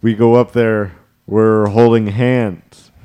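A young man with a low, mellow, dark voice tells a story in a casual chat. He keeps it animated and laughs often between lines. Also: takes it slowly, smooth, muffled recording.

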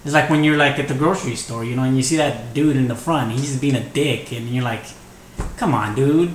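A young man in casual chat on a podcast, relaxed and easygoing, often saying "you know". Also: mid-range voice, fast talker, reverberant, a crowd in the background. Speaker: podcast guest.

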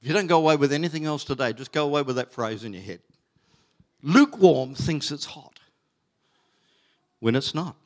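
A middle-aged male pastor preaching a sermon, stressing key words slowly and loudly, with many fillers and restarts. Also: mid-range voice.

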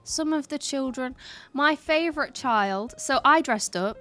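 A woman's voice: sits high, expressive, a little slow, sharp tone, soft background music. A young woman, co-hosting a casual chat and telling stories with lots of giggles. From England. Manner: chatty, giggly storyteller. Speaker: podcast co-host.

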